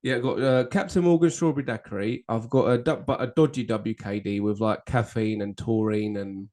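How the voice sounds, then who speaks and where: A man's voice: on the low side, fairly quick, a little mellow. A man co-hosting a casual drinks podcast, swearing, laughing and teasing his friend. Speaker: podcast co-host. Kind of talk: casual banter over drinks.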